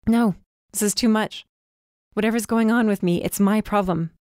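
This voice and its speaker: A woman voicing a frightened but defiant young female student, emphatic and often shouting. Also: medium pitch, fairly even intonation, normal speed, dry recording, studio quality, lightly acted. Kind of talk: audiobook character voice.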